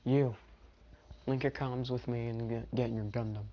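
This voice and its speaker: A man's voice: medium pitch, fairly even intonation, moderate pace, a little hiss or hum, lightly acted. A man voicing a confident, protective young male hero who talks in a brash, teasing way, on a dull lo-fi recording.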